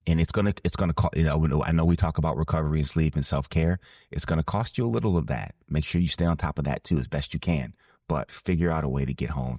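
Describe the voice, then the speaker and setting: Speaking in an extremely low, dark and slightly rough voice, a former ballplayer and broadcaster in his forties shares a heartfelt story while answering a podcast interviewer. He is earnest and emphatic, repeating phrases for weight, and the recording is dry and studio quality.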